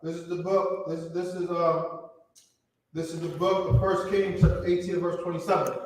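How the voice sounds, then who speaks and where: High-voiced male reader, slow and careful, heard from across a booming room. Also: little pitch movement. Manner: halting, careful reading. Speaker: scripture reader. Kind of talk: reading scripture aloud. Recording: distant in a very echoey room.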